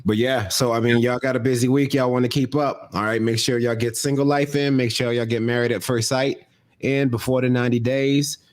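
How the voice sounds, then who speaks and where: Male podcast co-host, middle pitch, relaxed and joking, heavy on slang. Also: fairly quick. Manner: laid-back, joking, colloquial slang. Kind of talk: casual podcast chat.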